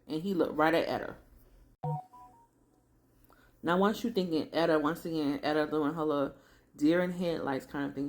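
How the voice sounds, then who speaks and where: A woman's voice: low-pitched, normal speed, long pauses. A woman chatting through a casual, slangy recap of a TV drama episode. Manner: chatty slangy storytelling, acts out characters.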